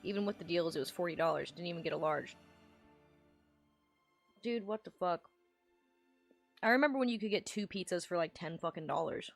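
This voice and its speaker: A woman's voice: lowish voice, fairly quick, gravelly, long pauses, faint music behind. A woman streamer in casual livestream chat, ranting and rambling with lots of swearing.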